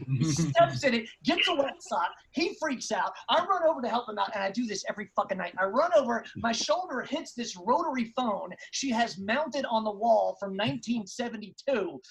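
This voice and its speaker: A man performing a stand-up comedy set over a video call, telling fast, exasperated family stories with crude punchlines. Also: very high-pitched, lively intonation, gravelly, a bit bright, a little hiss or hum, poor audio.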